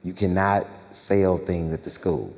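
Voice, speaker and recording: Dude doing a stiff proper lady principal, lowish voice, echoey stage. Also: measured pace, a little mellow. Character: prim female school principal, stern and formal.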